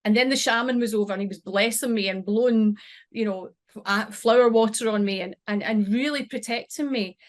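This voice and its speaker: A middle-aged woman, a podcast guest, recounting a personal experience in an emotional, halting way with many restarts. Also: a little high. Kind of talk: personal storytelling.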